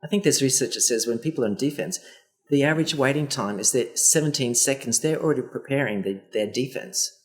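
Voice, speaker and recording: A man's voice: mid-range voice, fairly quick. A man, a therapist guest on a casual podcast, animatedly acting out the voices in quoted exchanges. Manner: animated, acts out quoted dialogue.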